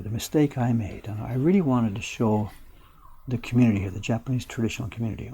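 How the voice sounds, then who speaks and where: An older man chatting casually as he works at woodblock carving in his print workshop, thinking aloud and sometimes dropping his voice low. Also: warm tone, a little hiss or hum. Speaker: printmaker streaming live. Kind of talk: casual chat while working.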